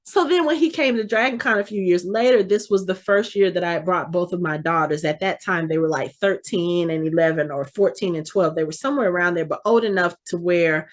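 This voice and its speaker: A middle-aged woman, co-hosting a podcast and telling a long casual story in a chatty, animated way, often restarting and correcting herself. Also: on the low side, a little fast, few pauses. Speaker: podcast co-host.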